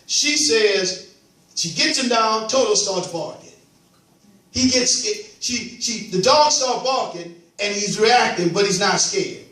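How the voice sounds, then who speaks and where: Animated preacher, high voice, echoey church. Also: male voice, slow pace. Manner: animated call-and-response preaching, repeats "watch this". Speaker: pastor. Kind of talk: preaching sermon. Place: church sanctuary. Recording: echoey church hall from far off.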